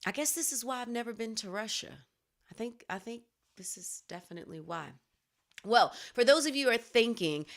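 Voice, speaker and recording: A woman hosting a news commentary show, talking straight to viewers with animated indignation. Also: fairly high pitch, a little fast. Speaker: show host.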